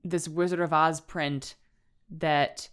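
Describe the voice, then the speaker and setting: A low-pitched woman with a steady, clear, resonant tone speaks at a slow pace, co-hosting a podcast in a casual horror-novel discussion. She adds dry asides and laughs now and then.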